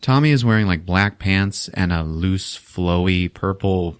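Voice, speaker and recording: A man's voice: low-pitched, a little slow, clean tone. A man hosting a podcast, animatedly retelling a movie scene and laughing often, with casual swearing. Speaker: podcast host. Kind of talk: comedic movie recap.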